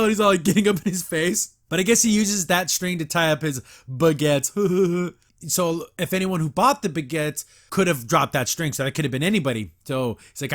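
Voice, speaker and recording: A man's voice: fairly high pitch, normal speed. A man hosting a podcast, casually reviewing a cartoon episode, retelling scenes, quoting characters and laughing often. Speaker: podcast host.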